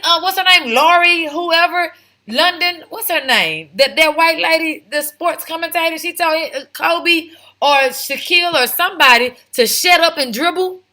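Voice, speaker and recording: A woman with a high, sharp, bright voice delivers opinionated vlog commentary. She talks emphatically, piling up rhetorical questions and asides to her viewers. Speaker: commentary vlogger. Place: home, lives in Texas.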